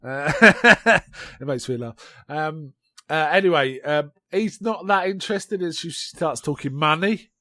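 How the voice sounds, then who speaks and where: A man, co-hosting a casual film podcast and retelling scenes with quick voiced quotes. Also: on the high side, animated, pushed and bright, no echo. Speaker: podcast co-host. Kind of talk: casual film-recap chat.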